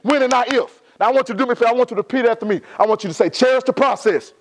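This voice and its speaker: A man's voice: very high-pitched, rapid-fire, creaky, slight background noise. A young man giving a motivational talk to a live audience, emphatic and repeating phrases for effect. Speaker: motivational speaker.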